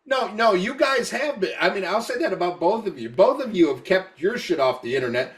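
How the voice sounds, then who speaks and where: A drunk man rants on a podcast, swearing constantly and tripping over repeated words as he restarts his sentences. His voice sits fairly high for a man. He is recorded a little far from the microphone. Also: very animated, brisk. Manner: profane, repetitive, stammering restarts. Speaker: podcast co-host. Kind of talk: casual podcast rant.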